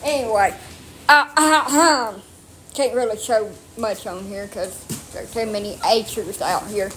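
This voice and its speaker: A woman's voice: medium pitch, measured pace, fairly bright tone, slight background noise. A woman, telling a story in casual, blunt, salty, self-mocking talk while outdoors on rural land with her phone. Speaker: storyteller vlogger. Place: outdoors on rural property with dogs.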